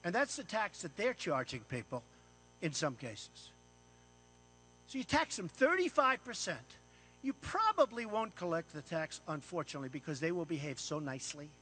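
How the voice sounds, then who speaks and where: A man's voice: on the high side, big pitch swings, normal speed, pushed and bright, a little hiss or hum. An American man giving a boastful, repetitive off-the-cuff speech to an audience in an event room. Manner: boastful, repetitive, punchy phrases. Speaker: paid speaker.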